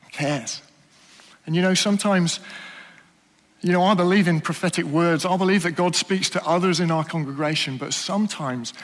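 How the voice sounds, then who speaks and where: A man preaching a sermon in a church, earnest and questioning, often dropping to soft, slow emphasis. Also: on the high side, big-room sound.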